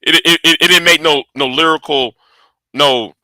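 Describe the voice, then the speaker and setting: Man, high and lively voice, very bright tone, excitable, swears a lot, stammers, dry close sound. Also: normal speed, dry recording. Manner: excitable, swears often, stammers and repeats words. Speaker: online commentator. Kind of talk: casual rambling commentary.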